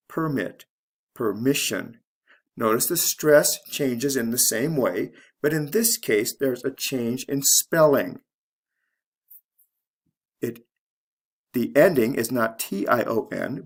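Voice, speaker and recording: A man teaching English pronunciation, saying words slowly and deliberately and repeating them for practice. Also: medium pitch, vocal fry, husky. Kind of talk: pronunciation lesson.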